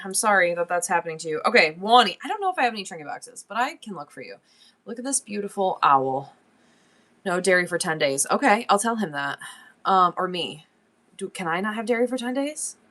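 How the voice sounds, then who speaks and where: A woman's voice: fairly low pitch, sharp tone. A woman in her forties, chatting casually on a live-stream sale, rambling and laughing often as she shows antiques.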